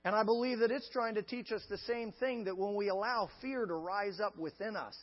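A man with a high voice preaches a sermon, stacking phrase on phrase in an emphatic, repetitive cadence. The sound is dull and lo-fi, with a long reverb trailing each line as if from a large church hall. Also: brisk. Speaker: pastor.

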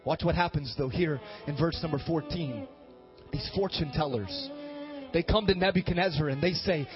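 A man preaching a sermon as a pastor, animated and rising to loud emphatic bursts. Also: high-pitched, moderate pace. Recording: dull lo-fi sermon recording with faint music.

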